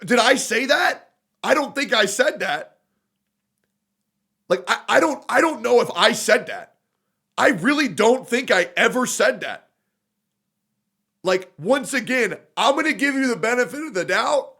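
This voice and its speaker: A man's voice: very high-pitched, animated, a little slow, gravelly, pauses often, pushed and bright, breathy edge. A male streamer in a blunt, profane, sarcastic livestream reaction rant.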